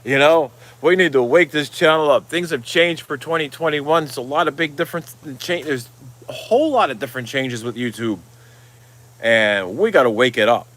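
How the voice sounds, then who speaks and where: A man's voice: mid-range voice, normal speed, fairly bright tone. A middle-aged man hosting a casual live stream, rambling, swearing freely and reading out viewer comments. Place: Florida, outdoors.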